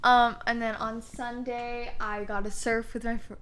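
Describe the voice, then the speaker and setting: A woman's voice: fairly high pitch, little pitch movement, fairly bright tone, a little hiss or hum. A young woman co-hosting a casual podcast, rambling and giggling as she recaps her week. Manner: giggly, rambling, quick to laugh. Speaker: podcast co-host. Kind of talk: casual chat.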